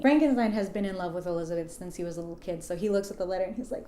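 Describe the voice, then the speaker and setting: A young woman retelling a gothic novel as a comedy, in a profane, slangy, deadpan way. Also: mid-range voice, slight background noise. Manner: profane, slangy, deadpan storytelling with quick paraphrased quotes. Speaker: video host retelling a novel. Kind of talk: irreverent comedic book summary.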